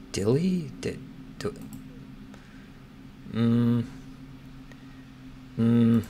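Slow, hesitant man thinking aloud. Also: on the low side, creaky, a little mellow, a little hiss or hum. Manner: hesitant, muttering, questioning. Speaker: crossword solver. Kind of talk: thinking aloud while solving.

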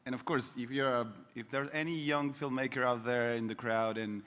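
A man with a mid-pitched voice tells a story on a panel in a relaxed way. He fills it with small fillers and quick acted-out quotes. His voice rings out in a long-echoing convention hall. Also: clear, resonant tone. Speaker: film director, panelist. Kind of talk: casual anecdote on a panel.

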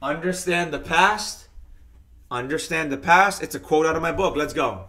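A man's voice: fairly high pitch, moderate pace, pushed and bright. A man hosting a live-streamed trading lesson. He talks straight to his viewers, reads out their comments, and keeps chanting hyped catchphrases.

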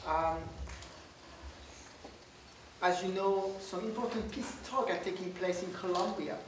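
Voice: medium pitch, measured pace. A guest speaker with a French accent gives a talk to a full lecture room without a microphone, projecting the voice. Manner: unamplified, speaking up to a full room, light laughs. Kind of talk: lecture followed by Q and A. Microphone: no microphone, recorded from far off. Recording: roomy, distant, noisy with no microphone.

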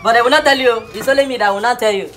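A man's voice: very high voice, very fast, pushed and bright, a little hiss or hum. A man with a Nigerian accent playing a comic teacher in a skit. He lectures mock-earnestly, chuckles as he talks, and keeps asking whether the class is following.

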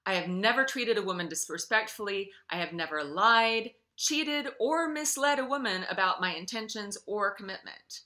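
A woman's voice: mid-range voice, moderate pace, hardly any pauses, sharp tone, pitched above the performer's own voice, lightly acted. Woman voicing an indignant male revenant. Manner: exasperated, defensive.

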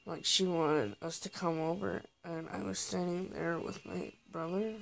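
A man's voice: a little high, fairly even intonation, unhurried, creaky. A man giving casual gameplay commentary, talking to his viewers in a rambling, heartfelt way. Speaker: gaming video creator.

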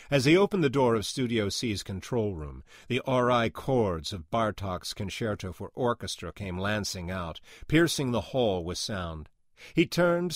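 A man narrating a story in a measured, even reading style. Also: low voice, dry recording, clean studio sound. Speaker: reader.

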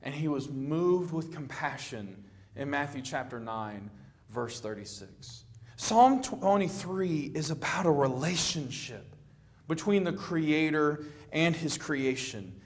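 A middle-aged man preaching a sermon, telling the story with lively acted-out quotes and a plain conversational manner. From Florida. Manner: animated storytelling, acting out quoted lines with rising pitch.

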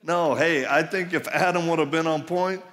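In a big conference hall with reverberant live sound, a middle-aged man preaches a sermon built on personal stories, told with emphasis and humor. His voice sits on the high side, slightly bright and steady, at a normal speed.

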